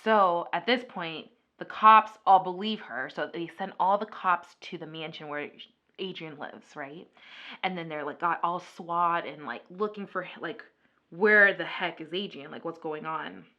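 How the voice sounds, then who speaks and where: A woman vlogger chatting casually through a makeup video, retelling a story in an animated way with lots of filler words. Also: lowish voice, a little slow, dull audio. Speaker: beauty vlogger. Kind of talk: casual makeup vlog chat.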